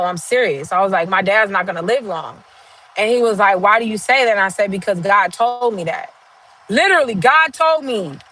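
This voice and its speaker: A woman's voice: fairly high pitch, a bit bright, low-quality recording. A woman on a live stream telling a long personal family story in a casual way, acting out the lines of the people in it and using many fillers. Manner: conversational, retells dialogue with "I was like", many fillers.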